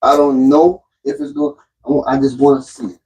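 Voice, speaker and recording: A man's voice: a little high, sing-song, a little fast, creaky, a little mellow, rough recording. A man chatting casually on a home livestream, talking to viewers from the background. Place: home indoors.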